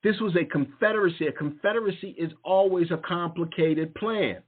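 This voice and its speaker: High, husky man on a tinny line. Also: brisk. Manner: fiery, mocking, repeats phrases for emphasis. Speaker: show host. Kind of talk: impassioned online talk show monologue. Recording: tinny phone-like sound.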